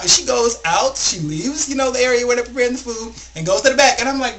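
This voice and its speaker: A young man vlogging a rambling, animated story, packed with filler words. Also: very high voice, quick pace. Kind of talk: casual storytelling vlog.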